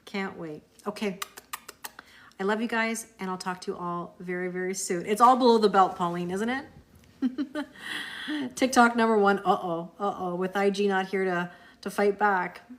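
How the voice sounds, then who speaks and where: A woman from Canada hosts a live tarot stream, answering viewer comments one after another in easy, friendly chat. Her voice sits at an ordinary middle pitch, and she laughs often as she goes. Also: moderate pace, long pauses, fairly bright tone.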